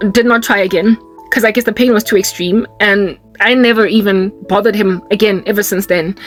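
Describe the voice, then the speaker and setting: A young South African woman telling a candid, rambling personal testimony with quick asides. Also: medium pitch. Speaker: Christian YouTuber.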